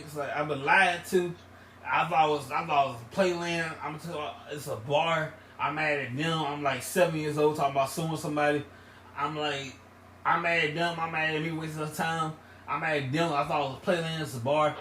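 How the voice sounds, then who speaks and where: A man's voice: on the high side, steady tone, brisk, fairly bright tone, recorded from a distance. A man, co-hosting a casual podcast, rambling through stories and repeating his phrases. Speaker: podcast co-host. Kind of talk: casual chat. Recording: echoey room with faint noise.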